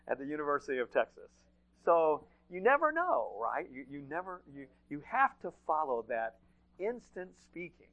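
A man's voice: fairly high pitch, very animated, moderate pace, phone-quality sound. A man preaching a sermon in a conversational way, often repeating phrases and checking in with "right?".

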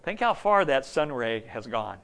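A man in his fifties preaching a folksy, story-filled sermon, dropping to a hush and then rising loud and high. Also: sing-song, a little slow, gravelly. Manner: folksy, storytelling, swings between hushed and loud.

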